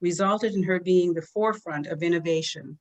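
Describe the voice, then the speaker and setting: A woman with a fairly low voice introduces a guest speaker at an online business event. She speaks warmly and with feeling, often close to tears. The sound comes through a computer mic on a video call. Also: fairly quick, muffled recording. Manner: warm and emotional, chokes up. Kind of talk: online business network presentation.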